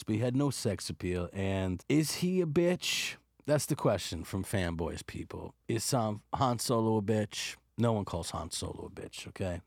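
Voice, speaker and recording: A man giving an animated, profane movie review, ranting with mock hostility and frequent laughter. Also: on the low side, dry recording, clean studio sound. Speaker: film reviewer.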